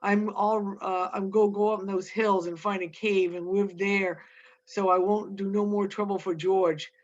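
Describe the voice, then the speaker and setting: A simple-minded big man, childlike, speaking in anxious pleas and protests, as a woman reader voices him. He talks with a pitch pushed higher than her own. The recording is muffled and lo-fi. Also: level tone, moderate pace, close to an everyday voice. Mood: pleading. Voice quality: childlike, pleading. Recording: dull lo-fi recording.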